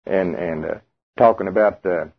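Male preacher, husky voice, conversational sermon over a thin radio line. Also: low voice, moderate pace. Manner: conversational, asks the congregation questions. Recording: tinny radio broadcast.

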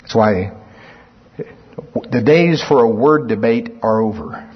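Taking things slowly, a preacher with a breathy, mid-range voice reads scripture aloud and unpacks its meaning. Emphatic surges in volume mark his sermon, heard through a muffled lo-fi recording in a reverberant hall.

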